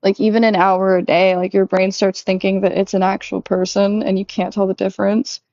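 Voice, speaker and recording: Chatty young woman with a mellow voice. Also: flat delivery, brisk, no echo, lo-fi sound. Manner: chatty, lots of "like", acts out quotes in a higher voice. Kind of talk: casual confessional chat.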